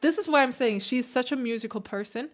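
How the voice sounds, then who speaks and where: A woman who hosts a piano channel, critiquing viewers' playing with emphatic, animated coaching. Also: on the high side, brisk. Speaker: piano teacher and channel host.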